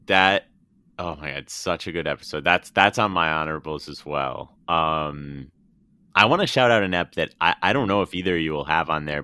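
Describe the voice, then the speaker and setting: Brief: very deep male podcast host, crisp and bright, leads the talk. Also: no echo, clean studio sound. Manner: leads the segment, recaps and asks the others in turn. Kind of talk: casual chat.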